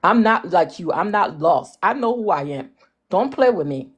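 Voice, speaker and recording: A woman in her forties with a Liberian accent, speaking as a panelist and defending herself in a forceful, lecturing way. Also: on the low side, lively intonation, moderate pace, husky. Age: 40s. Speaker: panelist on a live audio discussion. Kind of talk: heated discussion.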